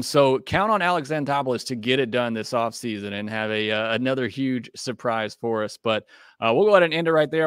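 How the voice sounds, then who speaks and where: A man hosting a sports podcast in an easygoing, conversational way, his voice sitting at an average pitch. He talks things through with frequent fillers and qualifiers. The sound is dry and close, with no room echo. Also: fairly bright tone, clean tone. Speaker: podcast host. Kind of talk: casual sports podcast talk.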